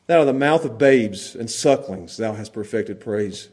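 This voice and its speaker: A man preaching a sermon, animated, moving between quiet asides and loud, laughing bursts. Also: medium pitch, normal speed. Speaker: pastor.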